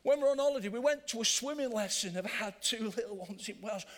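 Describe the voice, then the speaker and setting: An older man preaching a sermon in church, animated, moving between loud emphasis and soft, drawn-out phrases. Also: high voice.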